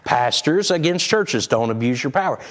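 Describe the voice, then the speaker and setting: A man's voice: mid-range voice, lively intonation, normal speed. A man preaching a sermon, talking candidly and conversationally. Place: church sanctuary.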